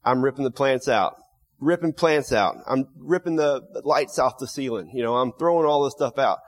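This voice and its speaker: Earnest man telling his conversion story. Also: mid-range voice. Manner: earnest, halting storytelling with many restarts and fillers. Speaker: person sharing his faith testimony. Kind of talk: emotional personal testimony.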